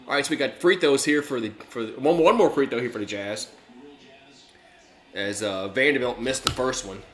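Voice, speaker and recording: A man's voice: medium pitch, normal speed, echoey room. A man hosting a live stream, giving casual, rambling play-by-play commentary with lots of fillers and restarts.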